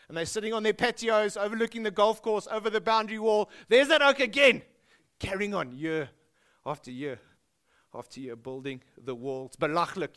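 An animated South African man preaching, emphatic and lively. His voice sits high and bright, and he dips low to drive points home. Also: clear, resonant tone. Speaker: pastor. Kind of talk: sermon.

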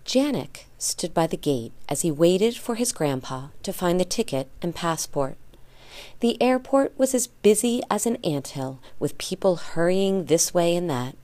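A woman reading a children's story aloud for a lesson, slow and deliberate. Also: on the low side, very animated, warm tone. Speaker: story reader.

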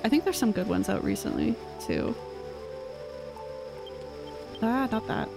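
A woman's voice: on the high side, very animated, measured pace, vocal fry, over music, rough recording. A young woman streamer chatting casually while she plays, rambling with lots of fillers. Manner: rambling, filler-heavy chat. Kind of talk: casual gameplay chat.

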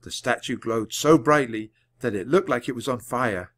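A man reading a children's storybook aloud at a natural, measured pace for learners. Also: mid-range voice, a bit bright. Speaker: audiobook reader. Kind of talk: storybook narration read aloud.

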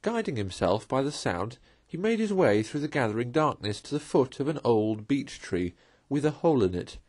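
A man narrating a classic children's novel aloud in a measured, expressive way. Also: mid-range voice, no echo. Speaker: storyteller.

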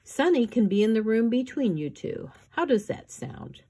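A woman's voice: a little high, very animated, normal speed, warm tone, breathy edge, pitched above the performer's own voice, full character voice. A woman voicing a mild, agreeable wealthy man. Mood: polite. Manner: polite and easygoing. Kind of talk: audiobook reading.

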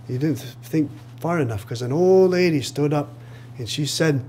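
A man telling a traditional story aloud to an audience in a lively way, acting out the voices and chuckling at his own jokes. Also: a little high, normal speed, slight background noise. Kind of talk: live oral storytelling. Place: live reading event.

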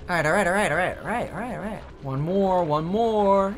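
A man giving profane, joking commentary as he plays a video game, reacting loudly to the screen. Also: high-pitched, normal speed, few pauses, slight background noise. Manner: excitable, swearing, joking at the screen. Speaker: let's play streamer.

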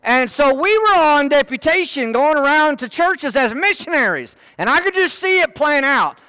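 A man's voice: very high voice, sing-song, moderate pace, pushed and bright, no echo. A man preaching a sermon in church, folksy and full of joking asides. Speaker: pastor.

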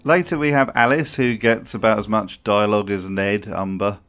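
A man's voice: fairly low pitch, steady tone, moderate pace, fairly bright tone, faint music behind. A man giving a wry, sardonic voice-over commentary as a video host, swearing freely.

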